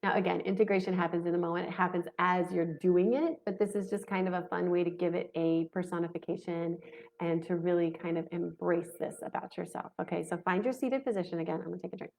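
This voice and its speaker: A woman's voice: fairly low pitch, steady tone, fast, gravelly, darkish tone. A woman in her forties teaching in a frank, casual way, slipping into quoted inner voices. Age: 40s. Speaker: spiritual coach.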